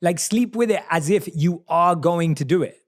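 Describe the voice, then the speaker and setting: A man's voice: a little high, moderate pace. A man hosting an interview, enthusiastic and speaking straight to his listeners. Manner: enthusiastic, addresses the audience directly. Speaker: podcast host. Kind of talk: interview conversation.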